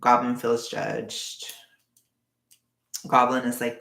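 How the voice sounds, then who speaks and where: A livestreamer in casual chat with viewers, knitting a scarf while rambling, full of "like" and quick bursts of laughter. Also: medium pitch, monotone, vocal fry, a bit bright, roomy sound. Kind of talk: casual live-stream chat.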